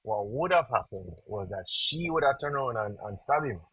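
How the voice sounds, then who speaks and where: A man's voice: medium pitch, lively intonation, moderate pace, fairly bright tone, slightly rough, dry recording, low-quality recording. A young man, hosting a casual podcast chat and animatedly stumbling over repeated words while he searches for them. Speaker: podcast host.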